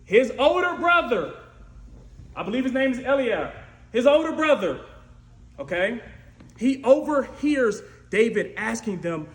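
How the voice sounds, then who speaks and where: High-voiced man preaching a story sermon. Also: a little slow, pauses often. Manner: lively, conversational, frequent "right?" asides. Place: church sanctuary. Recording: echoey church room with faint noise.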